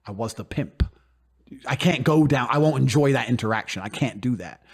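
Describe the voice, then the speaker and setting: A man's voice: medium pitch, animated, normal speed, gravelly, slightly rough. A man speaking bluntly and emphatically as a guest in a casual interview, swearing freely and often acting out other people's voices. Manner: acts out quoted speech in put-on voices. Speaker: podcast guest.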